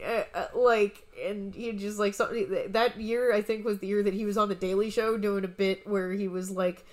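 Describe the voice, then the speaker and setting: A young woman comedian talking as a guest in a medium-pitched, everyday voice. She tells her stories in a loose, rambling way, restarting her sentences often. She swears a lot as she talks. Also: fairly even intonation, normal speed, few pauses. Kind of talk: casual conversational storytelling.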